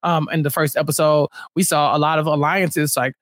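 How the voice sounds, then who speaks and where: A man's voice: fairly high pitch, fairly even intonation, moderate pace, a bit bright, no echo, clean studio sound. A man co-hosting a podcast, chatting casually and acting out quotes from a show in raised voices. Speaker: podcast co-host. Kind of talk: casual recap chat.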